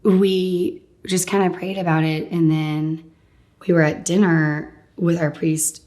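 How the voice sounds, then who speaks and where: A woman's voice: lowish voice, little pitch movement, slow pace, dark tone. A woman in her thirties candidly telling her personal faith testimony in a conversational way, full of "like.". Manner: candid, conversational storytelling with frequent "like". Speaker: guest sharing her testimony.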